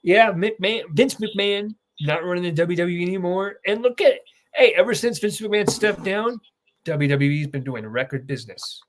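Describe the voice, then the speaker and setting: Excitable young man telling wrestling stories. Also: sits high, moderate pace. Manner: excitable storyteller, swears freely. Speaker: podcast host. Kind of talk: casual wrestling chat.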